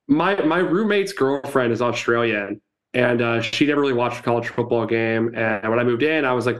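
Male co-host, casual sports chat, animated and profane, mid-pitched voice. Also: moderate pace. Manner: animated storytelling, swears freely. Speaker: podcast co-host. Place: New York.

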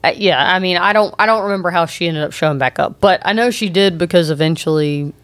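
A woman's voice: on the low side, fast, dry recording. Chatty woman podcast co-host, dry sound. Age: 30s. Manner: chatty, many fillers like "like" and "um". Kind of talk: casual chat.

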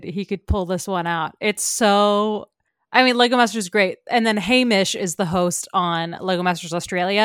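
A woman's voice: mid-range voice, clean tone, no echo, studio quality. A woman co-hosting a casual pop culture podcast, gushing and laughing easily as she recommends shows. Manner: bubbly, gushing, quick laughs. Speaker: podcast co-host.

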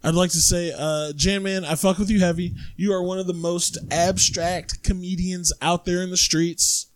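A man's voice: sits high, level tone, normal speed, slight background noise. A man hosting a podcast in loose, joking banter, swearing freely and breaking into laughter. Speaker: podcast host.

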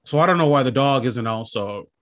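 Bright-voiced man ranting casually. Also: medium pitch, brisk. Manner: rambling, self-deprecating, animated storytelling. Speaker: podcast co-host. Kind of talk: casual comedic chat.

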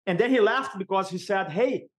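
Animated man telling a story. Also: a little high. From Brazil. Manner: animated, emphatic storyteller with vivid pauses. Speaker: podcast guest. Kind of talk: personal storytelling.

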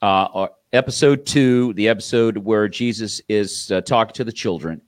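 Man, lowish voice, earnest co-host, dry close sound. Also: moderate pace, dry recording. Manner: affirming, earnest. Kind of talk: casual faith talk chat.

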